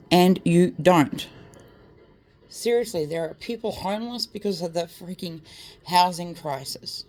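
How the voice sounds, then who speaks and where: A woman's voice: lowish voice, a little slow, darkish tone. An Australian woman vlogging, ranting straight to camera in a blunt, heated way, swearing freely and filling her talk with "like" and "mate".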